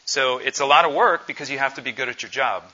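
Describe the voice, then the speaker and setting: A man's voice: medium pitch, fast talker, pushed and bright, lo-fi sound. An earnest man in his forties giving a conversational talk at a missions conference, with frequent fillers.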